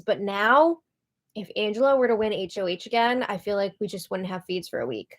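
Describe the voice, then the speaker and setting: A woman's voice: mid-range voice, normal speed. A woman hosting a casual live recap of a reality show, talking in a chatty way with frequent "like".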